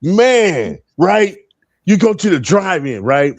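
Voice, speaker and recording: Animated, laughing man telling stories. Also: high-pitched, takes it slowly, no echo. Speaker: live panel co-host. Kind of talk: casual storytelling on a live panel.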